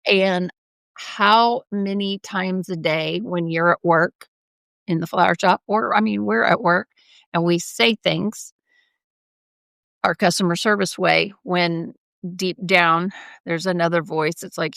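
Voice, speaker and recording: A woman's voice: on the low side, fairly even intonation, takes it slowly, vocal fry, a bit bright, clear, resonant tone, dry recording. A woman co-hosting a podcast in casual chat, talking emphatically and laughing often. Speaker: podcast co-host.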